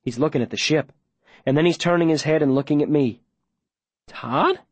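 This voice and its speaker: A man narrating a first-person audiobook in a low, steady storytelling voice. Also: fast, no room sound.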